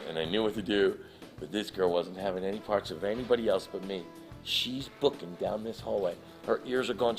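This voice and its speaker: A man telling an animated, emotional anecdote as a guest in a live interview, acting out the people in his story. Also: on the low side. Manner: emotional, laughs while telling. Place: live event in front of an audience.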